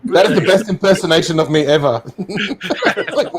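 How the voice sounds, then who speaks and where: A man's voice: high voice, normal speed, over a noisy crowd. A man chatting casually as a guest artist, playful and laughing easily. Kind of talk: casual video chat.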